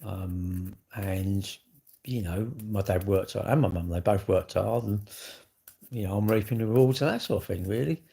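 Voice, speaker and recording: Rambling man, low voice. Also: moderate pace, vocal fry, dark tone. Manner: rambling, full of rhetorical questions. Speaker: vlogger. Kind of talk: casual rambling monologue.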